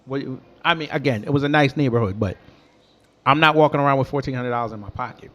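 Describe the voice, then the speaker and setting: Animated young man telling a story. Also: mid-range voice, quick pace. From New York. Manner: animated, slangy, talks back to chat. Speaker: host. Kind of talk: casual storytelling to a livestream chat.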